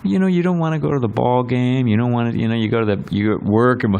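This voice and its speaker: A man's voice: medium pitch, fast, gravelly, darkish tone, clear, resonant tone. Rambling, chatty male preacher. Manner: rambling and conversational, many fillers and quoted voices. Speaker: swami giving a scripture class. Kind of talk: temple sermon lecture. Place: temple hall.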